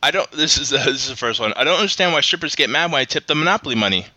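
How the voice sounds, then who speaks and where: Very bright-voiced man reading jokes. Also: mid-range voice, animated, racing, no room sound. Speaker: podcast co-host. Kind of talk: casual comedy podcast chat.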